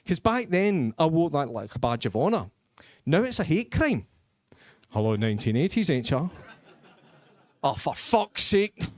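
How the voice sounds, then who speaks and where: A man's voice: on the high side, sing-song, normal speed, a little mellow, no room sound. A man doing crude, self-mocking live stand-up comedy in a comedy club.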